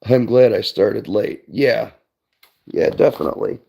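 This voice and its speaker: Gravelly man rambling through stories. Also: fairly low pitch, a little slow, mellow. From Cleveland area, Ohio, USA. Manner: rambling storytelling, swears freely, says "I'm like" often. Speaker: streamer. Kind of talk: casual chat to viewers.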